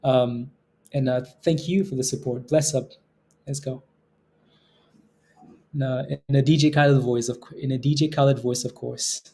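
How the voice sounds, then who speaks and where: A man from Canada hosts a trading livestream, chatting loosely with his viewers in a mellow, darker-toned voice. He talks in an easygoing way, often repeating words and laughing between comments. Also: medium pitch, steady tone, brisk, a little hiss or hum. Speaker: day trading livestream host. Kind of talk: casual livestream chat reading viewer comments.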